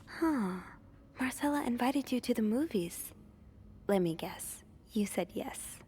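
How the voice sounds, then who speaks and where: A woman voicing a young woman in a story game, speaking softly and teasingly, at times close to a whisper, as faint, distant game audio. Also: a little high, animated, slow pace, a little hiss or hum.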